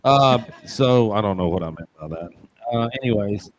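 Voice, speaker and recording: A man's voice: on the low side, expressive, moderate pace. A man co-hosting a casual football picks show, joking and rambling with punchy asides. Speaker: show co-host. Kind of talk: casual sports betting chat.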